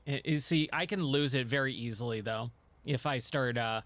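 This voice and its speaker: A man's voice: mid-range voice, normal speed, over music. A man streaming a video game, chatting casually with his viewers in a laid-back way and laughing often. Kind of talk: casual live-stream chat.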